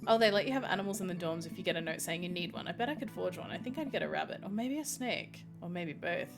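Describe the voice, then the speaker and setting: A woman voicing an eager teenage girl heading off to art school, reading game dialogue aloud with bubbly, excited chatter. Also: lowish voice, quick pace, gravelly. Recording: game music behind voice. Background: game music.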